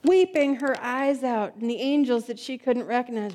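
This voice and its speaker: A woman's voice: fairly high pitch, moderate pace, hardly any pauses, darkish tone. A woman preaching a sermon, retelling stories emphatically with lots of repetition.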